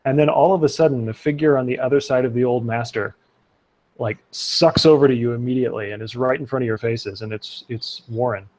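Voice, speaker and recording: A man's voice: medium pitch, fairly quick, darkish tone, slight background noise. A man narrating a tabletop role-playing game as game master, loose and chatty, with fillers and laughs.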